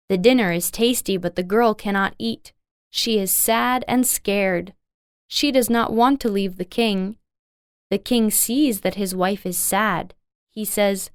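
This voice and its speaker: A woman's voice: mid-range voice, measured pace, clean tone, no echo, clean studio sound. A woman narrating a folk tale in a simple, carefully paced storybook reading. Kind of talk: slow scripted storybook narration.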